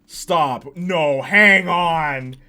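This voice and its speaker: A man hosting a casual movie ranking, excitable and slangy, laughing often as he talks. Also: fairly high pitch, very slow, soft background music. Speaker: host.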